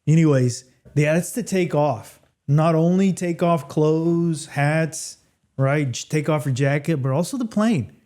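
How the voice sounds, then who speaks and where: A man teaching English phrasal verbs in a casual video lesson, chatty and repeating phrases slowly for learners. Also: a little high, dark tone.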